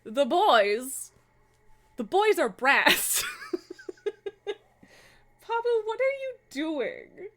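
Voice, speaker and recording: A woman's voice: very high-pitched, sing-song, extremely slow, long pauses, fairly bright tone. A woman live streamer chatting casually from her home streaming room, laughing often, swearing and scolding her cats.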